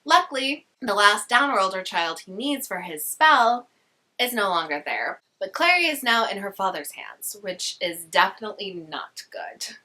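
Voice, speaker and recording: A woman's voice: mid-range voice, very animated, unhurried, pushed and bright. A young woman casually summarizing a novel in a chatty, sarcastic way with slangy asides. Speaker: book vlogger.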